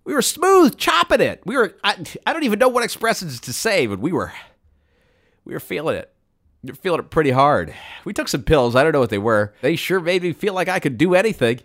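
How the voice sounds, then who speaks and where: A man telling a rambling, absurd comic story in a deadpan way, with sudden excited bursts. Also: on the high side, a little fast. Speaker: comedic storyteller.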